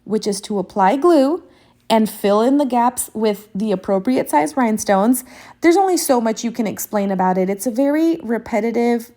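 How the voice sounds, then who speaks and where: Brief: woman in her thirties, vlogging a craft how-to, slightly high mellow voice, gushy and emotional, swears freely. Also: animated, moderate pace. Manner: gushing and effusive, swears casually; sentimental and emotional. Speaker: crafting tutorial host. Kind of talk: casual chatty tutorial talk.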